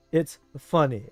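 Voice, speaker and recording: This is a man with a Southern Californian accent, chatting easily while he streams a game. His voice sits a touch high, and he talks in loose, rambling runs full of fillers. The sound is dry and close, with music playing faintly behind. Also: dry recording. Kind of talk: casual chat while gaming.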